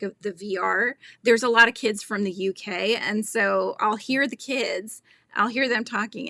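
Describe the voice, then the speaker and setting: Female host, middle-aged, casual chat, laughs a lot, crisp tense tone, some vocal fry. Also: mid-range voice, a bit bright, dry recording, clean studio sound. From Northern California. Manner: chatty, laughing often, reading out chat comments.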